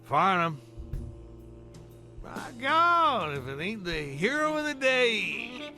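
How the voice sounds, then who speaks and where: Brief: high, wildly swooping drawl, bright and slow, soft game music behind. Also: male voice, very animated, exaggerated voice. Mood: boastful.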